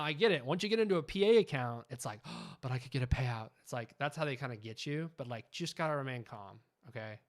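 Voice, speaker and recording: Chatty excitable man streaming live. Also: medium pitch. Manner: chatty, excitable, keeps asking "you know what I'm saying". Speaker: live trading stream host. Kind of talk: casual live-stream commentary.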